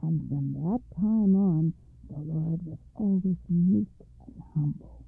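A woman narrates a fairy tale in a measured, expressive way, her voice gravelly with a husky edge. The sound is dry, with no room around it, and tinny like an old phone line. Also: on the low side, no echo. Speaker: radio storyteller and host.

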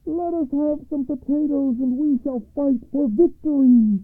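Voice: sits high, measured pace, no room sound, pitched above the performer's own voice. A storyteller voicing two grown sons pleading and crying out to their mother, in a tinny phone-like recording.

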